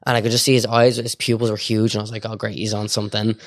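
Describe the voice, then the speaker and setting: A young Irish man rattles through stories at high speed, stringing thoughts together with a stream of filler words. His voice sits a little low, and the sound is close and dry with no room around it. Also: flat delivery, dry recording. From Ireland. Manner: rapid, rambling, lots of filler words. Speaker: podcast guest. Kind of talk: casual storytelling chat.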